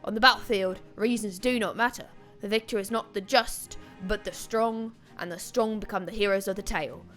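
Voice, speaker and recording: A woman reading aloud a grim male soldier's account of a lost war from a game, in her own voice with halting pauses. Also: mid-range voice, steady tone, a bit bright, soft background music, close to an everyday voice. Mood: grave.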